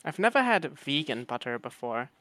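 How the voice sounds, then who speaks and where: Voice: mid-range voice, big pitch swings, normal speed, fairly bright tone. A podcast co-host in casual chat, bantering in a teasing, mock-indignant way.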